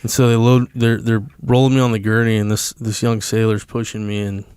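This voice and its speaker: A man's voice: lowish voice, level tone, fairly quick, a little mellow, clean tone, no echo, clean studio sound. A man, a podcast guest, telling a story in a casual, blunt and emphatic way, swearing freely.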